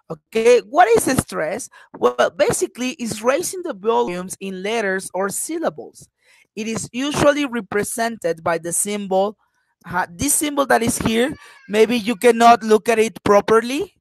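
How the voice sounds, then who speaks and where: A woman's voice: mid-range voice, no room sound, poor audio. Woman teaching. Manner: patient, repeats words slowly, frequent "uh-huh" fillers. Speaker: English teacher. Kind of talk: online phonetics lesson.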